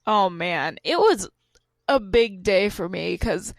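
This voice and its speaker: A woman's voice: mid-range voice, lively intonation, takes it slowly, vocal fry, no room sound. A woman from Georgia co-hosting a casual podcast, chatty and matter-of-fact. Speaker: podcast co-host.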